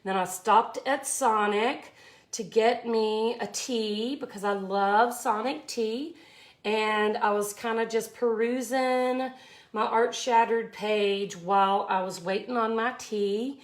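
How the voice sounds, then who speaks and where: A woman's voice: on the high side, slow. A woman, chatting effusively as she teaches a live glass art tutorial. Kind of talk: casual live tutorial chat.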